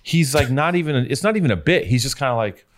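A man's voice: medium pitch, lively intonation, quick pace. A man telling a long, rambling, profane story in casual chat, often cutting himself off and starting over.

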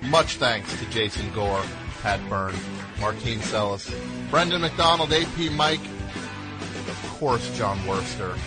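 A man's voice: on the low side, slow, over music. A man hosting a comedy call-in radio show, asking a caller questions in a dry, bemused way. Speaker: radio host.

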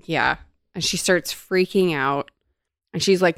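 A woman's voice: fairly low pitch, a little slow, a bit bright, dry recording, studio quality. A woman chatting casually about a novel, reflective and reading lines from it now and then. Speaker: podcast co-host discussing a novel. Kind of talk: casual chat, reading passages aloud.

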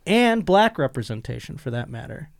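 A man's voice: fairly high pitch, sing-song, normal speed, gravelly, no echo, clean studio sound. A man from Buffalo, New York, hosting a podcast in a loose, bantering chat. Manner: laughs easily, banters. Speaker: podcast host.

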